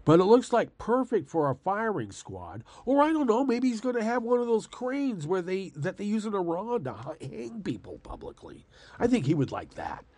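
Sarcastic older man with a husky voice. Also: high-pitched, big pitch swings, moderate pace, a little mellow, no room sound. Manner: sarcastic, rambling, often laughing; profane and angry. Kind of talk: casual ranting monologue.

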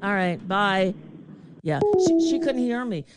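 A woman's voice: medium pitch, lively intonation, a little slow, heavy background noise. An older woman hosting a show in casual chat, talkative and laughing often. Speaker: show host.

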